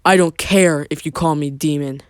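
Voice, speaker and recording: A man voicing a smug, vengeful young man who threatens in a low, slow delivery. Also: steady tone, clear, resonant tone, no room sound, close to an everyday voice. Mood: menacing.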